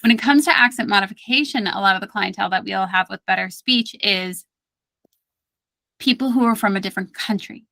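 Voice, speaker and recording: A woman with a Brooklyn accent talks through speech therapy as a podcast guest. Her voice is bright and forward, recorded close and dry with no room sound. She explains patiently, circling back and repeating words for emphasis. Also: mid-range voice, fairly quick, gravelly, no echo. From Brooklyn, New York. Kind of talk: podcast interview.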